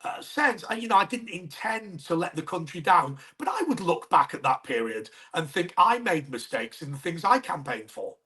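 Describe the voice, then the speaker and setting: Lively English man who keeps interjecting. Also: a little high, normal speed, few pauses. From England. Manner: interjecting, pushes back. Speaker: host. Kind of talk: interview debate.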